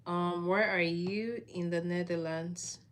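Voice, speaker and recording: A woman's voice: fairly low pitch, steady tone, slow pace. A woman hosting a casual livestream, chatting with viewers and answering their comments, laughing often. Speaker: livestream host.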